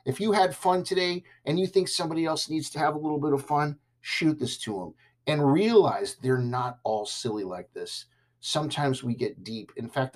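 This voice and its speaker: A man hosts his own podcast solo, with an easygoing, enthusiastic delivery. He jokes with his listeners and talks to them like friends. His voice sits at an ordinary middle pitch for a man. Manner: upbeat, enthusiastic, jokey with listeners. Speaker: podcast host. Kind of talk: casual solo podcast talk.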